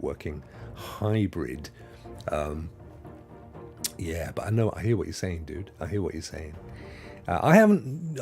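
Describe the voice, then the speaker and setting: Man, live-stream host, chatty, lively up-and-down pitch, faint christmas music behind. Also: husky. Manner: chatty, greets viewers by name, rambling asides. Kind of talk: casual live-stream chat.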